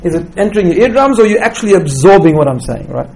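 Religious teacher, male, high-pitched, storytelling delivery, repeats himself on restarts. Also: very animated, very fast, creaky, a little mellow, a little hiss or hum, poor audio. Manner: storytelling, tags points with "right?". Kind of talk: teaching talk with stories.

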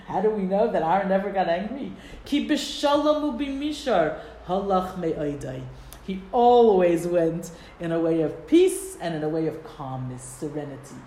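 A woman teaching a classroom text study, reading Hebrew quotes and acting out the sages' arguments with lively emphasis. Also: fairly low pitch, measured pace. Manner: animated, quotes Hebrew texts and voices sages. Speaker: Torah teacher. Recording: echoey room, faint background noise.

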